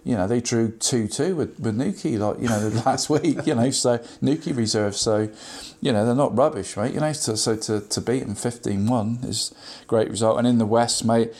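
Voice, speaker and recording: On a casual radio football roundup, a local results presenter reads the scores in a mid-range, darkish voice at a moderate pace with hardly any pauses. He's chatty, constantly says "mate," and fills his delivery with ums and restarts.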